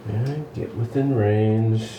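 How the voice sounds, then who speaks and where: A man's voice: fairly low pitch, steady tone, slow pace. A man playing in a tabletop game, matter-of-fact as he calls out attacks and dice results. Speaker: player. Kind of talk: casual tabletop game chat. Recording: roomy and noisy home recording.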